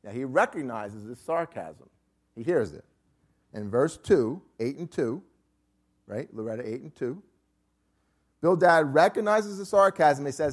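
A man's voice: medium pitch, lively intonation, unhurried, pauses often. A man teaching a Bible study class, emphatic and repeatedly checking in with his listeners.

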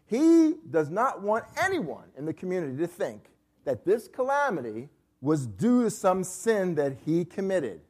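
A man's voice: sits high, huge pitch swings, measured pace. A man teaching a Bible study class, emphatic and repeatedly checking in with his listeners.

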